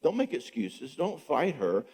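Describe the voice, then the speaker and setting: Animated man teaching in a reverberant church. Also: fairly high pitch, measured pace, breathy edge. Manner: animated, acts out spouses' dialogue. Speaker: marriage conference speaker. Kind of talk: conversational teaching talk. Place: church hall. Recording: long reverb in a church hall.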